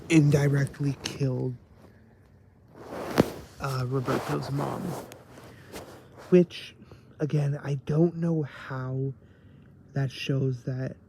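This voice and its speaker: A man's voice: medium pitch, vocal fry, noisy background. A man giving a rambling casual review of a TV episode, tired late at night and full of fillers.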